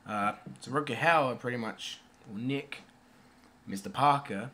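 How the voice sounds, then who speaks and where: A man giving a casual, rambling movie review, swearing freely and filling pauses with um and uh. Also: mid-range voice, pushed and bright.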